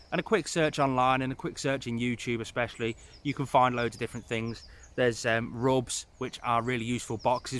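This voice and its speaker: A man of middle pitch talks loosely through a list of tips, losing track of where he is and doubling back. He is recorded outdoors, and his tone stays easy and conversational. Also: a bit bright. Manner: rambling, loses his place, chatty asides. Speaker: reptile keeper giving pet advice. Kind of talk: casual advice vlog. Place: outdoors in the rain.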